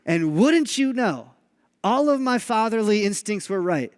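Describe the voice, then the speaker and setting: A male pastor giving a sermon as an animated storyteller who acts out dialogue, speaking on a stage mic in a church sanctuary with long hall reverb. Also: high-pitched, unhurried.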